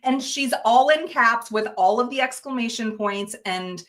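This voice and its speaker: A woman with a somewhat high voice hosts a live craft stream in an upbeat, chatty way. She reads viewer comments aloud and greets each one by name in a casual tone. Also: measured pace, a bit bright. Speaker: host of a live jewelry-making stream. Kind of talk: casual livestream chat with viewers.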